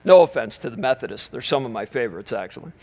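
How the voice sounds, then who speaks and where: A middle-aged man preaching as a minister, telling a story with animated energy and easing into soft, slow prayer. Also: mid-range voice, slight background noise. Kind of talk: storytelling sermon at a live church event.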